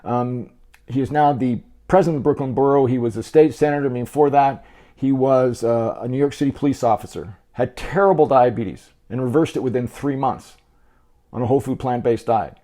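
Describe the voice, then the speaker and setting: Mellow and medium-pitched, a man talks fairly quickly to the camera while eating, hosting an easygoing health video. His chatter is encouraging and aimed right at the viewer, full of repeated and restarted words.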